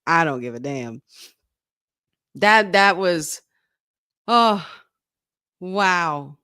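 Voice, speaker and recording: A woman hosting a live wrestling watch-along from her room at home, excitable and swearing as she talks to her chat. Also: lowish voice, extremely slow, long pauses, clear, resonant tone. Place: room at home with windows open.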